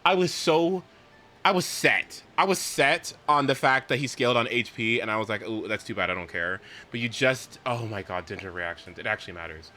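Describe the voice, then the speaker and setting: A young man live-streaming a video game in casual chat, swearing often and swinging from mumbles to shouts. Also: medium pitch, moderate pace.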